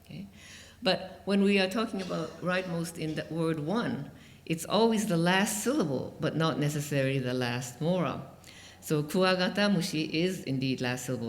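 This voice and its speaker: Conference lecturer, mid pitch, halting delivery with many fillers, recorded in an echoing lecture room. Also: slight background noise. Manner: hesitant, many "um"s and "okay?" checks. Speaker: linguistics lecturer. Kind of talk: academic conference talk. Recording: reverberant lecture hall.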